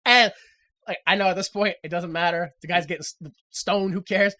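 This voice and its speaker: Animated woman with a bright voice. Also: lowish voice, a little fast. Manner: animated, acts out characters in loud exaggerated voices. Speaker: podcast co-host. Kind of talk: casual chat, recapping a TV episode.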